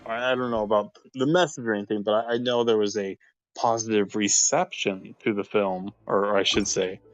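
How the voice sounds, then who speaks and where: A man's voice: on the low side, steady tone, normal speed, dry recording, lo-fi sound. A man chatting casually on a late-night stream, laid-back, rambling and often restarting his sentences. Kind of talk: casual chat.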